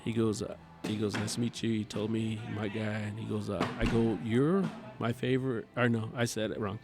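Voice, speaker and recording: Gravelly guy guest telling a story, animated and chatty, music going in the background. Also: lowish voice, moderate pace. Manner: animated, chatty storyteller who acts out dialogue. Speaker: podcast guest, cornhole player. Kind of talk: casual storytelling chat.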